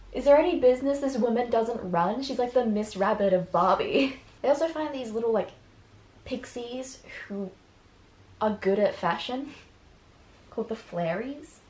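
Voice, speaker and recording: Young woman, chatty review vlog, enthusiastic, swears, middle pitch, echoey room. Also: a little mellow. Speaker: video host.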